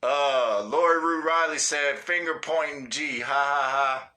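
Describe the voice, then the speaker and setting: A man hosting a casual livestream, reading viewer comments aloud in an unhurried, slangy way. His voice sits a bit high and has a very bright, sharp edge. He swears freely and keeps breaking into laughter. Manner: laid-back, slangy and profane, cracking up often.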